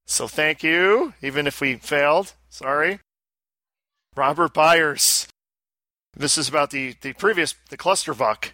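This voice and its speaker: A man's voice: on the high side, measured pace, pushed and bright, dry recording. A man co-hosting a casual podcast, reading listener letters aloud and breaking in with joking asides. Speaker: podcast co-host.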